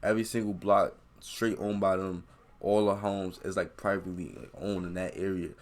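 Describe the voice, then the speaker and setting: A man's voice: low-pitched, level tone, moderate pace. A man hosting a reaction video, talking casually in slang and saying "bro" constantly.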